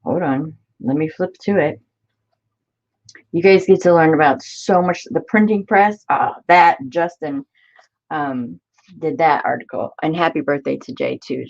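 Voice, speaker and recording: A woman hosting a casual crafting live stream, chatty and excitable as she greets viewers by name. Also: low-pitched, measured pace, gravelly, dull audio. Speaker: crafting channel host.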